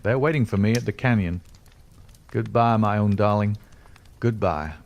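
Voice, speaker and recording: A man's voice: on the low side, moderate pace, dull audio, lightly acted. A man voicing an ardent, resolute young pioneer who talks in an earnest, tender way.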